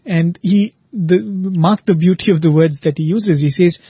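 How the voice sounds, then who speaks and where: A man retelling a devotional saint story in a relaxed, conversational way, often pausing with "you know" and "uh". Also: high voice, breathy edge, no echo, lo-fi sound. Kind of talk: spiritual storytelling talk.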